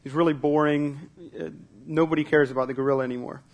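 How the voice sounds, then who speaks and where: A man's voice: a little high, fairly even intonation, fast talker, lightly acted. A man voicing a zoo manager in a funny story, speaking in a matter-of-fact way. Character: weary zoo manager, blunt and practical.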